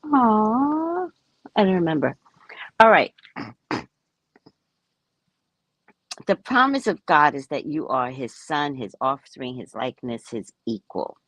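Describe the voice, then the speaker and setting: A woman's voice: extremely low pitch, animated, measured pace, pauses often, a bit bright, no room sound. A woman psychic reader talking casually to her viewers, emphatic and self-assured. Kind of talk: casual spiritual talk to viewers.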